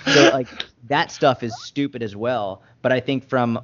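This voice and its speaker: A man speaks as a podcast guest, a fitness coach who argues bluntly and passionately and swears freely. His voice sits at a middling pitch. The recording sounds dull and lo-fi. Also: unhurried, slight background noise. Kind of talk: podcast interview.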